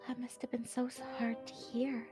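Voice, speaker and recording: A woman player in a tabletop game, speaking gently and soothingly. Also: a little high, completely flat delivery, normal speed, music in the background.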